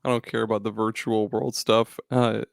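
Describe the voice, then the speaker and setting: A man's voice: fairly low pitch, little pitch movement, moderate pace, vocal fry, dry recording, studio quality. A man hosting a podcast in casual chat, rambling, swearing often and laughing a lot. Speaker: podcast host.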